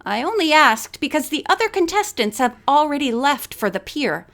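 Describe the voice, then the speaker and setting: A woman's voice: sits high, moderate pace, gravelly, exaggerated voice. Polite hotel clerk man, as a woman reader puts him on. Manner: calm, polite. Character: calm male hotel desk clerk.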